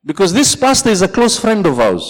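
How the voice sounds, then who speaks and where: Male pastor, sermon delivery, very lively swinging pitch, long hall reverb. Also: a little fast. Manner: preaching with calls of "Amen" and "Praise the Lord", storytelling.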